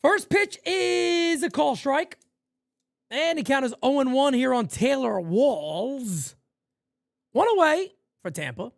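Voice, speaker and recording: A man from New York calls a ballgame live for fans, his pitch leaping and dropping with every play. He talks blunt and salty, then slides into low asides between pitches. The sound is dry and close. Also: slow, vocal fry, no echo. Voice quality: profane, blunt street talk. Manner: animated, swings from loud calls to low asides. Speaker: fan stream play-by-play host. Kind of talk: live fan play-by-play with casual chat.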